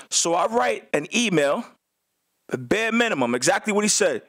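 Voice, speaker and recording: Animated streetwise man telling a story. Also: high-pitched, brisk, dry recording, clean studio sound. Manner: animated, streetwise slang, acts out other people's lines. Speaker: former assistant basketball coach, guest. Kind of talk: casual storytelling on a radio show.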